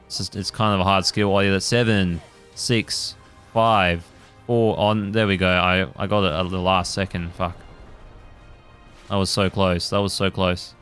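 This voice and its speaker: A man's voice: low-pitched, flat delivery, a little slow, a bit bright, faint music behind. A man hosting a gaming channel, giving casual let's play commentary, rambling with many fillers and the odd swear.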